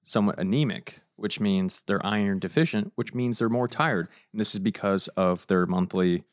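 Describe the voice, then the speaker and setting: Low-voiced teasing man co-host. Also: normal speed, dry recording, studio quality. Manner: teasing, blunt. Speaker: podcast co-host.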